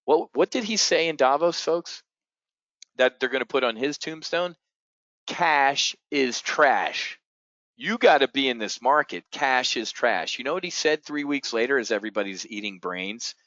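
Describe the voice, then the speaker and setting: A man hosting a live trading show, talking bluntly and profanely in a loud-and-quiet rant to his viewers. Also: mid-range voice, lively intonation, a little fast, dry recording. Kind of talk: live-streamed market commentary. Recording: dull lo-fi stream audio.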